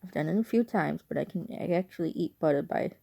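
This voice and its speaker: A woman's voice: lowish voice, fast, creaky, warm tone. A woman from Chicago with a speech impairment, chatting casually in a rambling, unsure way on her vlog. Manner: rambling, digressive, often unsure. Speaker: vlogger.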